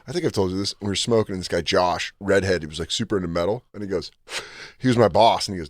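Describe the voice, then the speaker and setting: A man with a lowish voice talks in loose, profane banter on a podcast. He tells stories, laughs a lot and swears freely. His voice sits close and dry on the mic. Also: quick pace, no echo. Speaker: podcast co-host. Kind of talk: casual banter.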